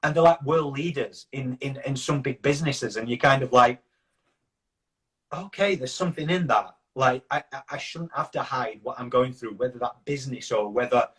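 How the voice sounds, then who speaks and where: A man's voice: medium pitch, normal speed, a bit bright. A man with a Yorkshire accent, a guest in an interview, telling rambling anecdotes in a casual way and acting out what others said. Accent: Yorkshire English. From Yorkshire, England.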